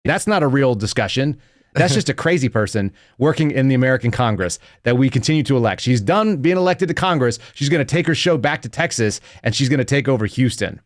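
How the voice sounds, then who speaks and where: A man's voice: mid-range voice, expressive, fairly quick, no room sound, studio quality. A man in his thirties hosting a live podcast, giving blunt, mocking commentary and laughing often. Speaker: podcast host.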